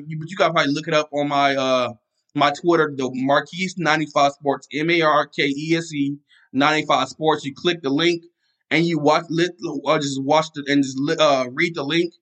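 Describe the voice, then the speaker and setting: Heated podcast host, bright and fiery. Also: male voice, fairly high pitch. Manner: angry, repetitive, many restarts and fillers. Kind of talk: casual solo podcast rant.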